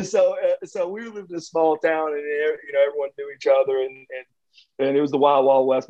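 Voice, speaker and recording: A man telling long, rambling anecdotes as a guest, halting with many fillers and restarts. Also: medium pitch, darkish tone, muffled recording.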